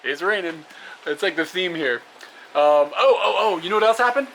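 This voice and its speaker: A man's voice: high voice, lively intonation, moderate pace, fairly bright tone, low-quality recording. A young man talking casually to his camera outdoors, rambling with fillers and laughing often. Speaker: travel vlogger. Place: outdoors by roads and rest stops. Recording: outdoor camera audio with clear traffic noise.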